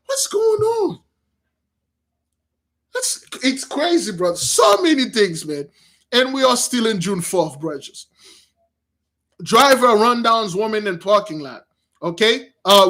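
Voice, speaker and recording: A man hosting casual religious commentary on news stories, rambling and animated, calling his listeners brothers. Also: high voice. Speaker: channel host.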